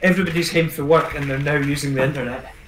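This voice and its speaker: Sweary gamer in a roomy echo. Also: male voice, on the high side, steady tone, fairly bright tone. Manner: sweary, quick to get worked up. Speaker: streamer. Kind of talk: casual gaming chat. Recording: roomy echo, faint background noise.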